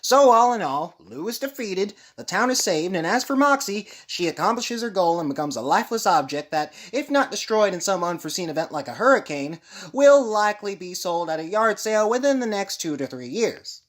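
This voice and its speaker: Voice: mid-range voice, brisk, close to an everyday voice. A performer voicing a dry, sarcastic male clay-animation figure who reviews movies. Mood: calm. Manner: deadpan, sarcastic.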